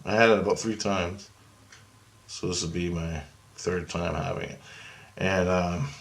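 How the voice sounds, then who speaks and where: A man's voice: low voice, fairly even intonation, measured pace, vocal fry. A man telling a spiritual dream story to his viewers in a loose, rambling way, full of fillers and restarts. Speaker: video blogger.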